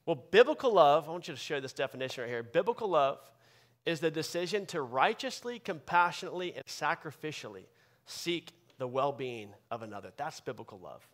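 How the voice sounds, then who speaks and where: A man pastor delivering a sermon with emphatic preaching that swings from loud bursts to quiet asides. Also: fairly high pitch, expressive, a little fast.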